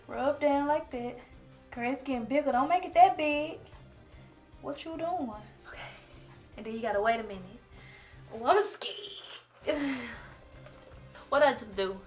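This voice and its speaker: A woman's voice: high voice, normal speed, long pauses, a little mellow, soft background music. A woman talking casually in a home vlog, dramatic and laughing, often crying out that she is scared. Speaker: vlogger.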